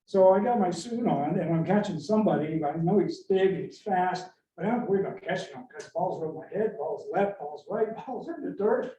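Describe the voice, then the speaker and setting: A man's voice: sits high, fairly quick, hardly any pauses, slight background noise. Echoey man telling stories. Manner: animated anecdotal storyteller, acts out quotes. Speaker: inventor giving a talk. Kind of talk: storytelling talk with advice. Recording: very echoey room heard from a distance.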